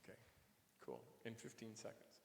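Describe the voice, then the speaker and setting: A man, a minister reading the gospel and preaching a homily in a conversational way, asking the congregation questions and often repeating his words. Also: normal speed. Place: church. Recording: echoey church hall reverb.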